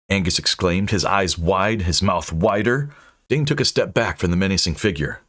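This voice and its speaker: A man's voice: deep voice, expressive, normal speed, fairly bright tone, dry recording. A man narrating a fantasy audiobook with dry, snarky humor.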